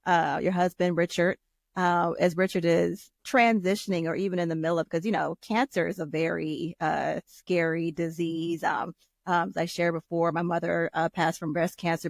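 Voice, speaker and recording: A woman's voice: on the low side, vocal fry, no echo, studio quality. Rambling, empathetic woman host. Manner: warm-hearted, rambling questions with many fillers. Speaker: podcast host. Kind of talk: interview.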